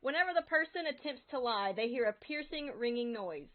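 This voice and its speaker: A woman's voice: fairly high pitch, animated, fairly quick. A woman playing a tabletop game, chatty and giggling between lines. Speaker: player. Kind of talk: casual tabletop play. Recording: tinny call audio.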